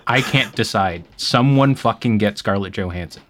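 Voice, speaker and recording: A man's voice: on the low side, normal speed, background noise. A man with a Midwestern American accent, co-hosting a podcast in casual chat, blunt and emphatic with heavy swearing. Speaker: podcast co-host.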